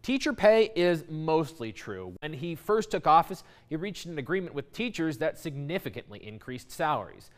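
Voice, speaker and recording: A man delivering a news report, reading a measured, clear explainer. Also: on the high side, big pitch swings.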